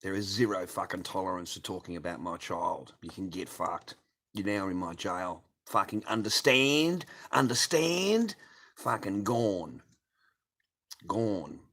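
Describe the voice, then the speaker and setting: A man's voice: sits low, steady tone, moderate pace, a bit bright. A middle-aged man, hosting a casual livestream, reading and answering chat with constant swearing and sarcasm.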